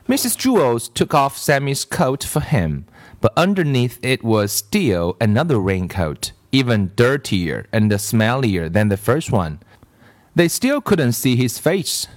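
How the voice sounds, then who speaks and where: Male storybook reader; slow, animated delivery. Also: mid-range voice, dry recording, studio quality. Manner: slow, expressive read-aloud. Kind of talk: reading a children's book aloud.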